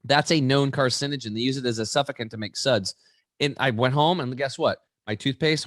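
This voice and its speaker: A man's voice: medium pitch, fairly quick, no echo, studio quality. A man, an interview guest, explaining with energy, acting out quoted people and often restarting his sentences. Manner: animated storyteller, acts out quoted voices, many restarts.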